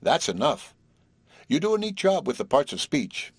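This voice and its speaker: A man's voice: fairly high pitch, very animated, moderate pace, breathy edge, no echo, voice pushed up, full character voice. A man voicing a brash, slangy young stage actress who teases and pushes. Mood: teasing. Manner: slangy, playful, pushy.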